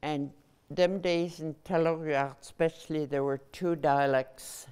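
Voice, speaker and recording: Slow low-voiced older woman. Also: fairly even intonation, darkish tone, smooth. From Nunavut, Canada. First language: Inuktitut. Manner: measured, pausing between phrases. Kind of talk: personal recollection.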